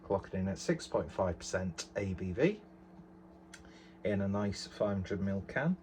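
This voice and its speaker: A man's voice: sits low, expressive, a little slow, darkish tone, a little hiss or hum. A man chatting casually through a beer review at home, rambling with lots of fillers and self-deprecating asides. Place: bedroom at home. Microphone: camera on tripod.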